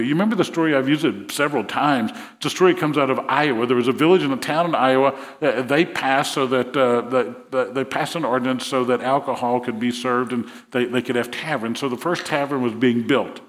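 A pastor with a mid-range voice preaches a sermon, retelling a Bible story and acting out the king's words with rising emphasis. A long reverb tail trails his speech.

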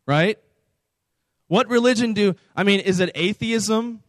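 Young man, youth pastor, slightly high voice, casual storytelling, dry recording. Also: measured pace, dry recording. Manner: storytelling, conversational, frequent "right?". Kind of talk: youth group talk.

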